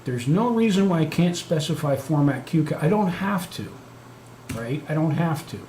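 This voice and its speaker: A man's voice: fairly high pitch, animated, normal speed, a little mellow. A man hosting a live stream, chatting casually and telling a profane story while muttering over his computer work. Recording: echoey room, faint background noise.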